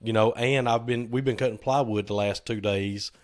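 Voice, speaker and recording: A man with a slightly hoarse voice chats on a casual podcast. He tells loose, joking stories and likes to tease his co-host. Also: mid-range voice, steady tone, moderate pace, dry recording, clean studio sound. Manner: joking, teasing storyteller. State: a little hoarse.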